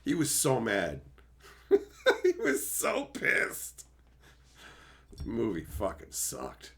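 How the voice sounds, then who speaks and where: Animated, bright-voiced male streamer. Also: mid-range voice, creaky. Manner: animated and profane, slips into quick silly impressions. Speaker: livestream host. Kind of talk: casual livestream chat, reading viewer messages.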